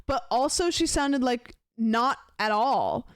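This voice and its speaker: A woman's voice: fairly high pitch, animated, slow pace, no echo, studio quality. A young woman streaming, telling a long story in casual chat and acting out both sides of a phone call. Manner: rambling storyteller, acts out both sides of a conversation.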